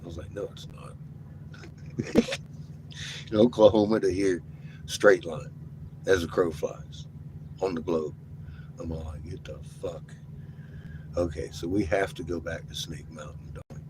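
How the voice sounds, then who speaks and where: An excitable man talks in a loose, rambling vlog, cursing freely and breaking into laughter. His voice sits a bit low. A steady noise runs under the recording, with the sound of a vehicle. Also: moderate pace, long pauses. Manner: excited, profane, laughing often. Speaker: vlogger. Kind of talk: rambling casual vlog talk. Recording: noisy, with vehicle ambience.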